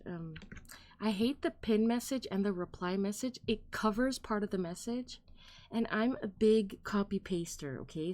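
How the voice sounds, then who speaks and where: A woman's voice: mid-range voice, warm tone. A woman streamer chatting casually on a late-night stream, blunt and apologetic, often giggling.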